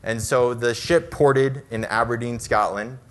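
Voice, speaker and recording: A middle-aged American man speaking at a conference, walking an audience through slides. He talks in a conversational, storytelling way, at a mid-range pitch, and drops in casual fillers as he goes. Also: fairly even intonation, unhurried. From United States.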